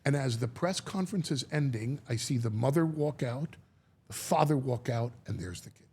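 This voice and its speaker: A middle-aged man telling stories in a sit-down interview, animated and prone to repeating words, acting out the voices of the people he quotes. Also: medium pitch, moderate pace, slightly rough. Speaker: guest.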